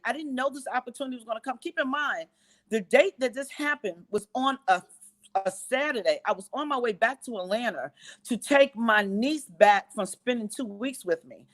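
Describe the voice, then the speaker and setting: A woman in her fifties speaks with a notably high voice as a guest on a live-stream interview. She is effusive and emotional, and she circles back to repeat phrases for emphasis. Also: fairly bright tone. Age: 50s. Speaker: guest business owner.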